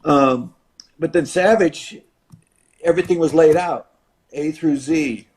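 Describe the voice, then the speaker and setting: An older man, a retired wrestler, telling a story as a podcast guest and acting out the voices of others with big shifts in loudness. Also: on the high side, slow. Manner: acts out voices of others in his stories, dramatic shifts in loudness. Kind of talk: animated storytelling.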